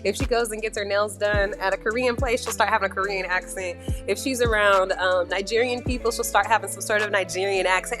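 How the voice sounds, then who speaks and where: A woman co-host in casual chat, animated and playful as she reacts. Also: medium pitch, a little fast, hardly any pauses, soft background music.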